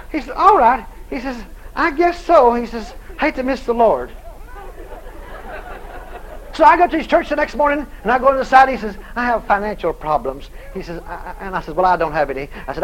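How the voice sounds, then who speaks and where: A man preaching, telling a story with lively dialogue and loud shouted prayers. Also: very high-pitched, fairly quick, a faint crowd, slight background noise, low-quality recording. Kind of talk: sermon storytelling.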